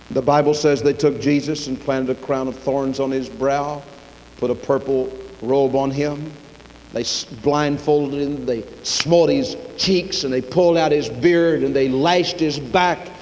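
A man preaching a sermon, retelling the story dramatically, dropping low and quiet, then rising loud. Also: slight background noise. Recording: long reverb of a large hall.

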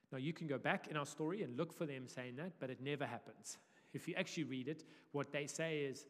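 A male pastor delivers a conversational sermon in an animated, easygoing way. His voice sits in an ordinary middle register. A long reverb trails off each phrase. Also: medium pitch, fast talker. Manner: conversational, animated, self-deprecating. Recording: reverberant church hall.

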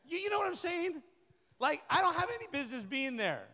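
A middle-aged man, a pastor, delivering a lively, colloquial sermon that repeats key phrases. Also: extremely high pitch, brisk. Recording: long reverb of a large hall.

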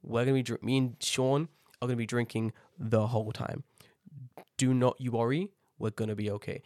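Rambling, swearing podcast co-host. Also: male voice, medium pitch, fairly quick, dry recording, studio quality. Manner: rambling, swears a lot, animated storytelling. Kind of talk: casual chat.

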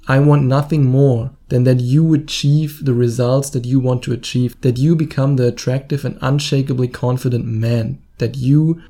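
A man's voice: medium pitch, creaky, mellow. A man with a German accent hosting a dating-advice podcast, giving blunt tips with self-mocking jokes. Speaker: dating coach podcast host. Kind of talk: casual advice monologue.

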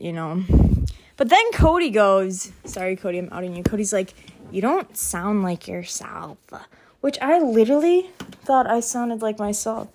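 This is a young woman filming a casual catch-up vlog at home. She rambles, stacks up fillers and restarts, and often breaks into small laughs as she moves about packing. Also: medium pitch. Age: young adult. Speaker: vlogger. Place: indoors at home, packing and moving around.

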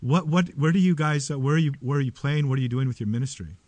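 A man hosts a radio interview, teasing his guests with wry, joking questions. His voice sits at a middle pitch and is recorded close and dry, with no room sound. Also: quick pace, darkish tone, no echo. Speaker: radio show host. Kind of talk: casual interview chat. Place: broadcasting from a beach town studio.

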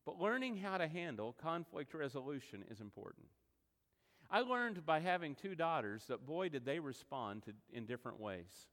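In a church sanctuary, a male preacher with a voice on the high side delivers a sermon at normal speed. He tells stories animatedly, acting out quoted voices, and the hall is reverberant.

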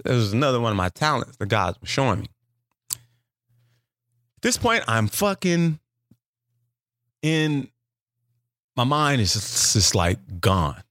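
A man telling a profane story in a loose, animated way, jumping up in pitch to act out the people in it. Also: dry recording, clean studio sound. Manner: animated, profane, acts out quotes with big pitch jumps. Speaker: comedian telling a story as a podcast guest. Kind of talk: casual storytelling.

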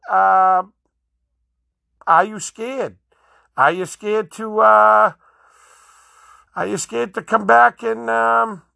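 A man hosts his own solo podcast and rants with heat, stumbling through fillers and restarts. His voice sits high and sounds forceful and sharp, recorded close and dry. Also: creaky, no room sound. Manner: heated, ranting, with frequent fillers and restarts. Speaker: podcast host.

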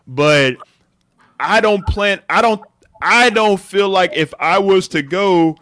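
An American man in casual podcast chat, animated and swearing, often jumping into a high excited pitch. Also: slow pace, no room sound, studio quality. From United States.

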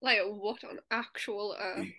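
A woman's voice: mid-range voice, fairly even intonation, takes it slowly, crowd noise. A woman co-hosting a casual chat, talkative and laughing often, full of "like" fillers. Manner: chatty, laughs often, many "like" fillers, acts out inner voices. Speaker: podcast co-host.

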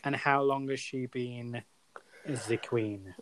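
A man's voice: medium pitch, fairly even intonation, takes it slowly, crowd noise. A British man hosting a casual chat, quizzing and teasing his co-host and laughing easily. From Britain. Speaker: podcast co-host.

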